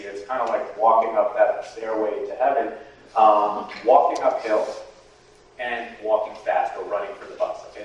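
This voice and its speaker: A man giving an animated talk to a patient support group, often checking in with "okay?". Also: fairly low pitch, muffled recording, a little hiss or hum. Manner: animated, repeats "okay?" to the audience. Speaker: guest speaker. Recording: echoey room, distant mic.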